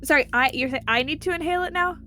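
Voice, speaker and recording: Woman player, hesitant, lots of fillers, higher pitch, faint music behind. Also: rapid-fire, bright, forceful tone. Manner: hesitant, full of fillers, giggly. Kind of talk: playing a character in a tabletop game.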